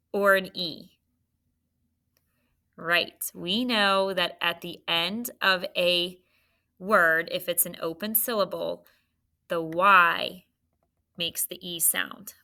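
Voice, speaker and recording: A woman's voice: lowish voice, slow pace, long pauses, sharp tone. A woman teaching a phonics lesson to young children, patient and encouraging as she sounds out letters and syllables. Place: classroom.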